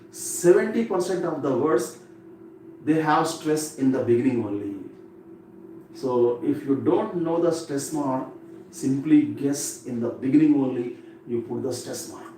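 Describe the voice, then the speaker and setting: A man lectures on exam English and repeats each word several times as he drills it. His voice sits a little high for a man. He stands far from the mic in a very echoey room, with faint noise underneath. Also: measured pace, dark tone. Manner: repetitive, drilling words aloud. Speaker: English teacher.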